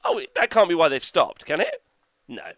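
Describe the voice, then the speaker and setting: A man's voice: fairly high pitch, huge pitch swings, normal speed, fairly bright tone, dry recording. A man co-hosting a podcast in casual chat, enthusiastic and rambling, laughing often and swearing casually. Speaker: podcast co-host.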